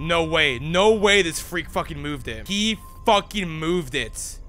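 A young man streaming a horror game, swearing and yelling at jump scares in casual commentary. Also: a little high, lively intonation, a little slow, faint music behind. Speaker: gaming streamer.

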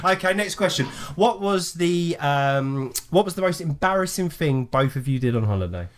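An English man with a slightly high voice asks questions on a casual podcast. He is playful and quick with jokes, teasing the others. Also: animated. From England. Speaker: podcast interviewer. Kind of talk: casual chat.

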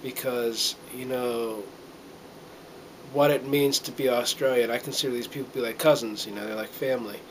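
A man's voice: mid-range voice, fairly even intonation, moderate pace, a little hiss or hum, rough recording. A middle-aged man from the United States talking to a handheld camera in a casual, earnest monologue, rambling with many fillers and restarts and getting a little choked up. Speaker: vlogger.

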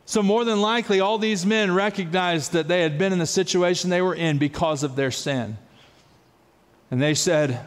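A man preaching a sermon as pastor, telling a story with lively acted-out voices and laughter. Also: high-pitched, big-room sound. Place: church sanctuary.

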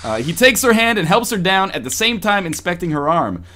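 Brief: podcast host, lively up-and-down reading voice, a bit high, quips mid-sentence. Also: male voice, a little fast. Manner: animated, breaks off for joking asides. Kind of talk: comic reading of a romance story.

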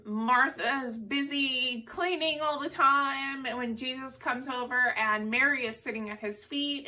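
A woman teaching Sunday school, telling a story to children in a lively way and acting out the characters' lines. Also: fairly high pitch, far from the mic. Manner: animated, acts out characters' lines.

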